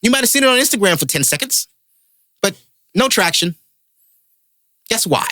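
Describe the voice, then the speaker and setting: Man, podcast host, heated profane rant, lively swooping pitch, dry close sound. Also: moderate pace, no room sound. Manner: heated, profane ranting about music and comedy. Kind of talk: casual podcast chat.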